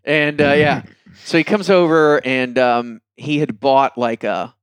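A man's voice: mid-range voice, measured pace, clear, resonant tone, no echo. A man, casually telling funny stories on a podcast and acting out what people said. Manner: laughing, animated anecdotes with quoted voices. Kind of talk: casual storytelling chat.

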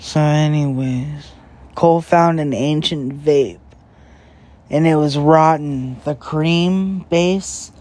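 Young man, podcast host, slightly high voice, slow drawl, crude rambling chat, heavy breathing. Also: a little mellow. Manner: slow, crude, meandering talk full of filler and swearing. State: breathing heavily after a big meal. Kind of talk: rambling late-night casual chat. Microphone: podcast microphone.

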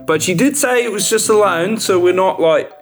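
A man's voice: high voice, moderate pace, soft background music. A man playing a tabletop game, jokey and crude in his banter. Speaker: player. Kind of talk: casual tabletop role-play.

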